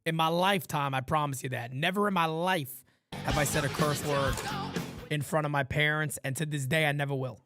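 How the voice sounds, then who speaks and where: A man from New York hosting a live fan play-by-play stream, blunt and profane, swinging from loud calls to low asides. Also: fairly even intonation, brisk, faint music behind. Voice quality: profane, blunt street talk.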